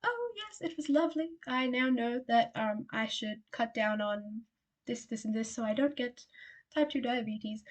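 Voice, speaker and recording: A woman's voice: lively intonation, normal speed. A woman putting on a funny accent to voice a cheerful woman who took a health program. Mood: pleased. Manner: sing-song put-on accent, high and chirpy.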